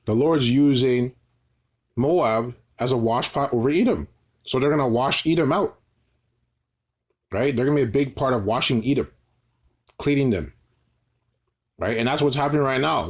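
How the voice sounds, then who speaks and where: A Bible teacher reads scripture aloud and explains it informally, his medium-pitched voice moving at a normal speed with frequent pauses. He keeps tagging "right?" onto his sentences and often restarts his phrases.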